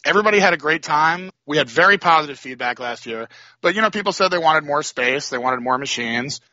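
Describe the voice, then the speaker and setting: A man's voice: fairly high pitch, expressive, a little fast, pushed and bright, no room sound, highs cut off. A man, a tournament organizer giving upbeat promotional hype in casual chat.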